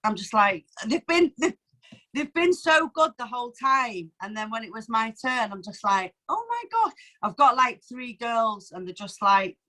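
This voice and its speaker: A woman's voice: a little high, normal speed, pushed and bright, low-quality recording. A woman sharing her own poems at an online open mic from home, chatty and open, often emotional, with lots of fillers. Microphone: video call.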